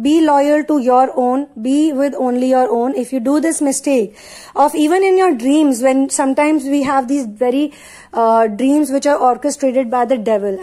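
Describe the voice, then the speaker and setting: A woman with a high-sitting, darkish voice gives a spiritual channeling talk. She delivers emphatic, repetitive affirmations mixed with casual asides and lots of fillers.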